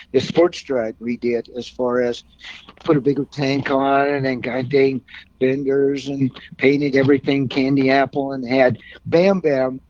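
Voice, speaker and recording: A man's voice: medium pitch, a little mellow, no echo. Rambling older man telling car-club stories. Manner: rambling, folksy, with mild swearing. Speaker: car club member, guest. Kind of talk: casual anecdotal storytelling. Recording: dull lo-fi recording.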